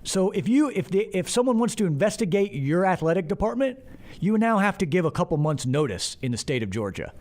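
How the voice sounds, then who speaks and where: A man hosting sports talk radio, ranting in a heated, animated way. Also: high-pitched, brisk.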